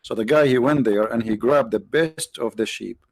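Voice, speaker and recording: A man's voice: medium pitch, moderate pace, husky, no room sound, studio quality. A man hosting a live religious talk, joking and sarcastic, rambling to his viewers. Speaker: online show host.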